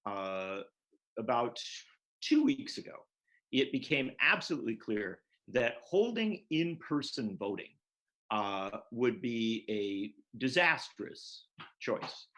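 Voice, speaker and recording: A man's voice: mid-range voice, very animated, slow, fairly bright tone, rough recording. A man, a political journalist, explaining at length and earnestly as a guest in an interview over a video call.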